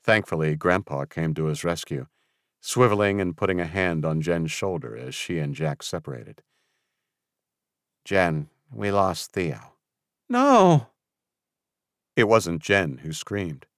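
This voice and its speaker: A man's voice: extremely low pitch, normal speed, no echo, studio quality. A man reading an audiobook aloud as narrator, giving the characters their own voices. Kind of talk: scripted narration.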